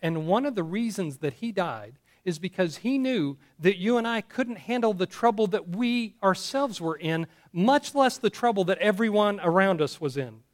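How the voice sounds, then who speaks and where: A man's voice: high-pitched, animated, normal speed, hardly any pauses. A man preaching a sermon, earnest and conversational, often restarting and checking in with his congregation. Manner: earnest, with frequent restarts and call-outs to the congregation. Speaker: pastor.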